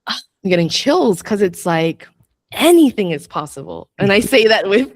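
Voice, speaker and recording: A woman's voice: mid-range voice, sing-song, moderate pace, no room sound. Chatty reflective woman, dry sound. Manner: chatty and reflective, peppered with "like", laughs often. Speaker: podcast guest, astrologer and coach. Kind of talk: casual interview chat.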